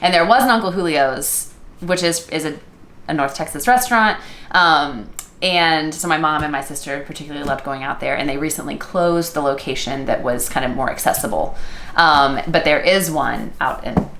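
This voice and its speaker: A woman's voice: low voice, moderate pace, a bit bright, reverberant, slight background noise. A woman co-hosting a casual vlog conversation, chatty and upbeat, often saying "um" and "yeah". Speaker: co-host of a couples channel.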